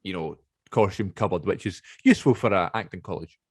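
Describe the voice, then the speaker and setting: A man's voice: sits low, brisk, breathy edge, dry recording. Young male podcast host, dry close sound, rambly and chatty on a video call. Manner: chatty, rambling, self-correcting. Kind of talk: casual chat.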